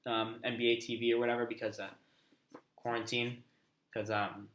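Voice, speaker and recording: A man co-hosting a casual sports podcast, his bright, forceful voice bouncing around a roomy space. He thinks out loud and often trails off into quiet mumbles. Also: mid-range voice, level tone, normal speed. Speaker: podcast co-host. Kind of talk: casual sports debate chat.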